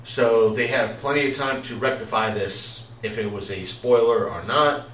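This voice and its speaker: A man's voice: mid-range voice, normal speed, fairly bright tone, distant mic. Man, podcast host, rambling casual chat, echoey room, mic set back, faint hiss. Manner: rambling, many filler sounds and restarts.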